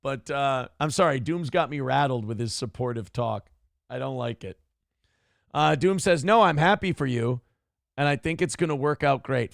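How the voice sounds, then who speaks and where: A man's voice: medium pitch, animated, moderate pace, vocal fry, no echo, clean studio sound. A man hosting a live call-in show, reading viewer comments aloud in a profane, sarcastic, self-mocking way. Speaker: talk show host.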